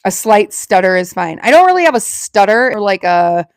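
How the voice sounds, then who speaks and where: A woman with a Southern Alabama accent, chatting casually with viewers on a livestream. She talks quickly, running her words and sounds together. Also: medium pitch, sing-song, dry recording, studio quality. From Alabama, USA. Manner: chatty and self-deprecating. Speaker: livestream host. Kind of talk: casual live-stream chat with viewers.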